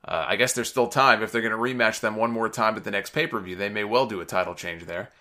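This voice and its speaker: A man's voice: lowish voice, fast talker, pushed and bright. A man hosting a podcast, giving a casual, opinionated recap in a chatty way with frequent fillers. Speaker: wrestling recap podcast host.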